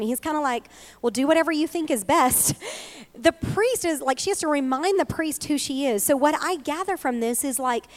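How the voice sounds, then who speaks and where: A woman preaching a heartfelt sermon to a women's gathering, earnest and openly emotional. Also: high voice. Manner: earnest, emotional, tearful at times. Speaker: women's ministry speaker.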